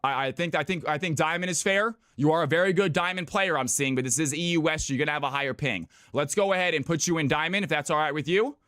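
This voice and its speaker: A man from California hosts a live stream, talking fast and excitedly to his viewers and repeating himself as he sets up games. His voice sits on the high side for a man. The sound is dry and close, with no room around it. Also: no room sound. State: out of breath.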